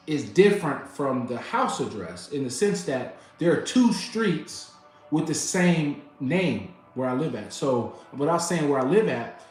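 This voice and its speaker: Exasperated man with an echoey room sound. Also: a little high. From United States. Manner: animated, exasperated, yells when reenacting arguments; colloquial, double negatives. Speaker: vlogger. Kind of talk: casual storytelling rant. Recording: very echoey room with music behind.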